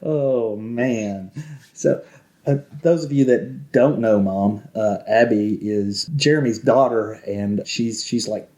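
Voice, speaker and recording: A man's voice: lowish voice, slow pace, dark tone. A man with a Southern Arkansas accent co-hosting a podcast, asking questions and teasing the guest. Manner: joking, teasing interviewer. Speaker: podcast co-host. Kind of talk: casual podcast banter.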